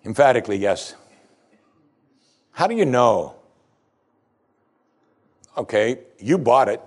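Guy preaching a sermon, husky voice that jumps all over in pitch, emphatic. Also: sing-song, takes it slowly. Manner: emphatic preaching with wide swings between loud and hushed. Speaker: pastor.

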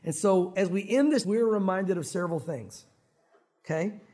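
A man delivers a sermon in a casual, conversational way. His voice sits high for a man, and he slips into acted quotes and swings between soft, slow emphasis and bright, lifted lines. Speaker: pastor.

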